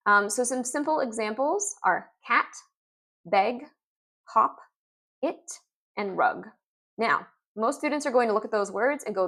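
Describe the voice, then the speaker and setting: A woman explaining reading lessons in an upbeat instructional video, sounding out letters and words slowly. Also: fairly high pitch, expressive, fairly bright tone. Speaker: literacy teacher.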